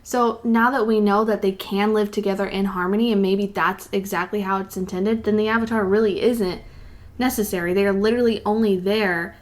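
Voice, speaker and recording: A woman co-hosts a podcast, chatting casually at an ordinary middle pitch. She rambles through her thoughts with plenty of "like" and "you know". Her voice sits in an everyday register. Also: fairly even intonation, fairly quick. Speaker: podcast co-host. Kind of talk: casual chat.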